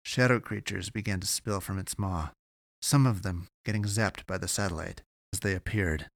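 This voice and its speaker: A man narrating a science fiction audiobook in a steady, measured way. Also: deep voice, gravelly, no echo, studio quality.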